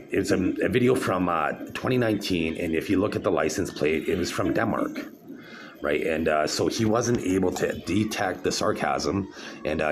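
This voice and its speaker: Deep-voiced man ranting to camera. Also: background noise. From Canada. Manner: aggrieved, halting, many fillers and restarts. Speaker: vlogger. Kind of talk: rambling monologue to camera.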